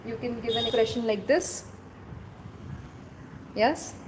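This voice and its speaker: High-voiced Indian woman teaching doodling. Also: slow pace, noisy background. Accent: Indian English. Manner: instructive, checks in often with the viewer. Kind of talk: casual step-by-step drawing tutorial.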